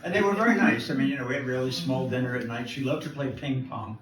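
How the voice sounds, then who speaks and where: A man's voice: mid-range voice, fast, over a noisy crowd. An older American man telling anecdotes on stage at a live event, rambling with many restarts. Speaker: guest jeweler. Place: live event before an audience. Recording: distant echoey room mic, live event.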